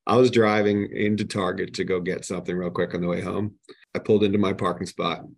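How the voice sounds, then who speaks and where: A man, a podcast guest, telling stories in a casual and animated way. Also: low-pitched, fast, vocal fry, slightly rough. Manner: animated, retells heated exchanges. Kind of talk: casual storytelling.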